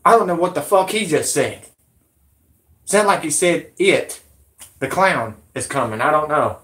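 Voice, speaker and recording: A man's voice: a little high, lively intonation, a little slow, a bit bright. A man hosting a vlog, ranting in a rambling, indignant way and swearing. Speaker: vlog host.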